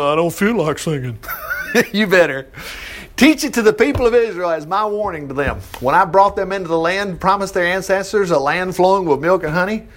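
A man preaching, reading scripture aloud and breaking in with lively, joking asides. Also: high voice. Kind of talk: Bible teaching with commentary.

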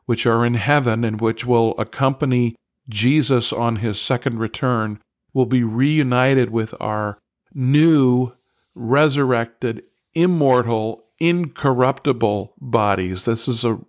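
A man's voice: medium pitch, no room sound, studio quality. A man teaching a devotional Bible study, earnest and emphatic, leaning on key words and putting questions straight to the listener.

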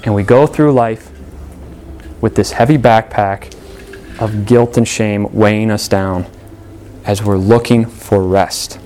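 A man preaching a sermon in an earnest way, repeating key phrases, with big rises and falls in pitch. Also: fairly even intonation, slow, long pauses, mellow, slight background noise. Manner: earnest, repetitive preaching with sweeping pitch swings.

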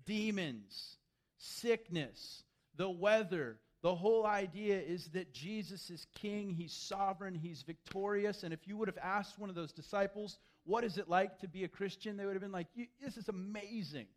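A man with a high-pitched voice preaches a sermon with lively energy. He acts out the people he quotes as he goes. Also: moderate pace. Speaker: pastor.

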